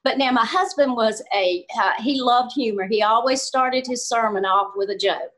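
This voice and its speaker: Older Southern woman, comedian guest on a video call, slightly high voice, folksy and quick to laugh. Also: fairly bright tone. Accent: Southern American. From Southern US, Georgia. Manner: folksy, laughs often, storytelling. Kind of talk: casual interview chat.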